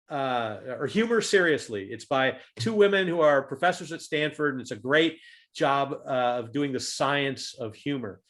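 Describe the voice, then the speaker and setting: A man giving a talk on humor and leadership over a video call, animated and fond of loud acted-out demonstrations. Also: medium pitch.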